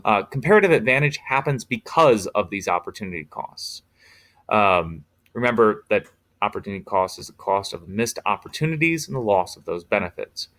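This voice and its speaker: A man's voice: mid-range voice, a bit bright. A male teacher giving a casual recorded lecture, explaining informally with fillers.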